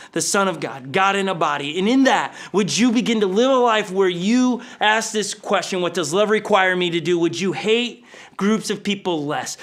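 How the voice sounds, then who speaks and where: A male pastor preaching a sermon in an animated storytelling manner. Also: sits high. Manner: animated, storytelling with acted voices.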